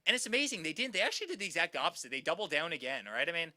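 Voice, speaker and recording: Bright-voiced man giving rally speech. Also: a little high, sing-song, very fast. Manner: repetitive, rallying crowd, addresses them as guys. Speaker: campaign speaker. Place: outdoor campaign rally.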